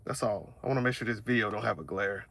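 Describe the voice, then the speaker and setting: A man's voice: fairly low pitch, quick pace, gravelly. A man hosting a live show, chatting casually and repeating himself as he talks to his viewers. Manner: animated, repetitive, talks to viewers. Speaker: host.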